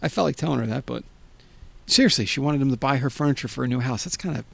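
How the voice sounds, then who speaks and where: A man co-hosting a podcast, telling crude rambling stories in excitable banter. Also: medium pitch, fast talker, gravelly, dry recording. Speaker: podcast co-host.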